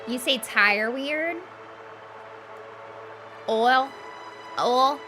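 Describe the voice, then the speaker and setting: A young woman talks through a cozy game stream in a bright, clear voice pitched a little high. Her delivery is playful, loose and unhurried, with frequent laughs, and soft music plays under her. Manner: chatty and playful, laughing often. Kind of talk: casual gaming live-stream chat.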